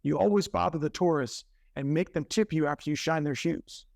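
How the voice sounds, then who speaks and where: A scolding man yelling down from an upper window, as a man puts him on. The line is loud and accusing, a little higher than the teller's normal voice. The recording is close and dry. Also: brisk, vocal fry, no echo.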